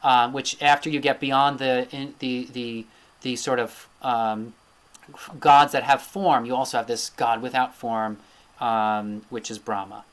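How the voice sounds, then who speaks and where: A man's voice: mid-range voice, flat delivery, measured pace, fairly bright tone. Man, lecture, teacher walking through slides, many fillers, keeps asking "right?". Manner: thinking aloud, with frequent fillers and "right?" tag questions. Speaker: Ayurveda teacher.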